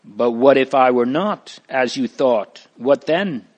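A man's voice: mid-range voice, takes it slowly, a little mellow, highs cut off. A man voicing a humble, earnest male pilgrim who doubts himself, in a storybook reading.

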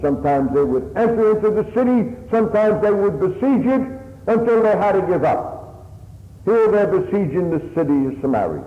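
An earnest man preaching a sermon in a fairly high voice, pushing up for emphasis and sinking low for quieter reflection. He sounds like he is in a large reverberant hall. The sound is thin and phone-like. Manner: earnest, plain-spoken, rising and falling emphasis. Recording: echoey hall on a tinny line.

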